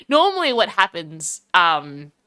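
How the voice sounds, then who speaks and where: A woman's voice: medium pitch, wildly swooping pitch, slow, sharp tone. A young Australian woman chatting casually and bubbly on a live stream, rambling and giggling between thoughts.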